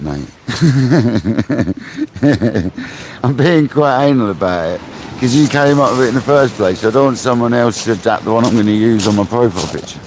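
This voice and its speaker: A man fishing on a live stream, chatting casually with viewers in a laid-back way, laughing often and calling people mate. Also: on the low side. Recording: outdoor mic with loud surf noise. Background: ocean waves.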